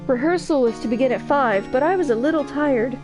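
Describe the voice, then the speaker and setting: A woman's voice: sits high, a little fast, music in the background, natural voice. A woman reading the lines of a male action-show actor in a plain manner.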